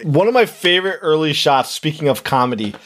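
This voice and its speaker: A man's voice: a little high, expressive, fairly quick, a bit bright. A man co-hosting a podcast, chatting casually and chiming in with short quips and agreement. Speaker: podcast co-host. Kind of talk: casual chat.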